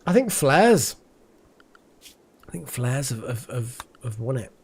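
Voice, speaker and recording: This streamer's voice is mid-range, slow, very animated and a little mellow, with a bit of hiss or hum in the recording. Tired and yawning, he rambles casually about the game he's playing, repeating words as he goes.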